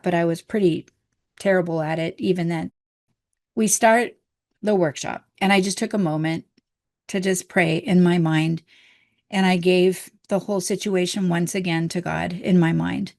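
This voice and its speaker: A woman's voice: on the low side, a little mellow. A woman teaching a healing course, telling a personal story in an earnest, candid way and voicing her own past thoughts.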